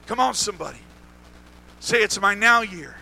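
A man's voice: sits high, animated, normal speed, creaky, sharp tone. A man preaching a sermon as pastor, calling for responses from the congregation and repeating phrases for emphasis, with casual asides.

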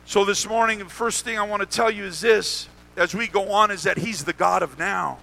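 A male pastor preaching with a very high, piercing, bright voice. He keeps calling on the congregation to answer back and hammers his key phrases again and again. Between scripture points he slips into plain, chatty asides. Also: normal speed, creaky. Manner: call-and-response preaching, repeats phrases for emphasis. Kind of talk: sermon.

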